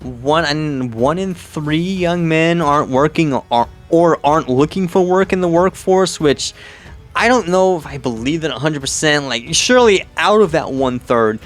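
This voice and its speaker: A man's voice: on the high side, moderate pace, soft background music. A young man casually talking through a movie and what it means to him, rambling with many "like"s, "you know"s and restarts. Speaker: vlogger. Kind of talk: casual movie commentary vlog.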